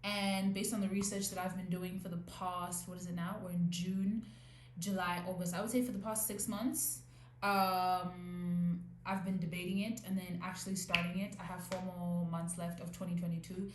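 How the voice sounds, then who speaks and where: A woman's voice: on the low side, level tone, moderate pace. Young female podcast host, chatty and self-correcting, recorded in an echoey room with faint noise behind her. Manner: rambling, self-correcting, restarts often. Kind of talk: casual solo podcast talk. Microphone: new podcast mic.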